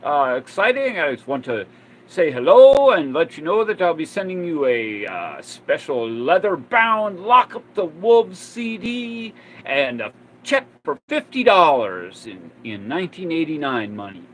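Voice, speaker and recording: A gracious rock star rings up a fan with a formal, announcing delivery, as a man puts him on. The voice is pitched up and pushed louder than usual. It moves slowly and stiffly. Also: very animated, a little hiss or hum, low-quality recording. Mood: formal congratulation.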